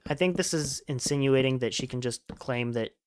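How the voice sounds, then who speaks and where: A man's voice: medium pitch, normal speed, clean tone, no room sound. A man hosting a podcast, casually retelling a novel in a chatty way. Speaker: podcast host.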